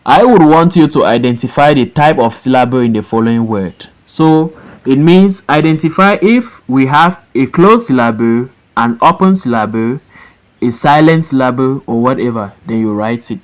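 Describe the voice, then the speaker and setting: A man teaching an English phonics lesson, reading words slowly syllable by syllable for students to repeat. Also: medium pitch, lively intonation. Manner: slow and deliberate, stretching words out syllable by syllable.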